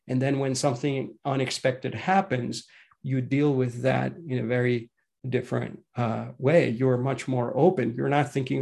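A man's voice: mid-range voice, vocal fry, darkish tone, slightly rough. A man giving a reflective talk on parenting as a guest speaker, thoughtful and searching, with frequent restarts.

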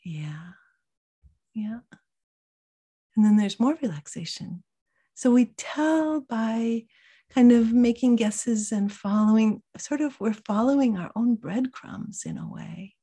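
A woman teaching a workshop, answering questions gently and reflectively, often dropping into a soft whisper. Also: on the high side, slow pace, breathy edge.

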